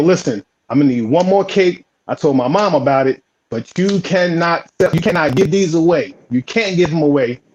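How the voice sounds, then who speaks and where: New York man, muffled casual story. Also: on the high side. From Philadelphia, raised on Staten Island. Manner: relaxed, repeats and stammers at phrase starts. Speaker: home baker, guest. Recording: dull lo-fi audio.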